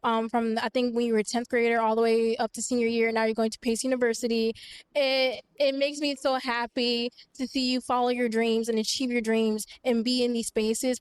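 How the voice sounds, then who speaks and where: A woman with a clear, smooth, fairly high voice gives an emotional tribute into a handheld mic. Her pitch stays fairly even, and her words are sincere. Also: no echo. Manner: heartfelt, emotional. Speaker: audience member giving a shout-out.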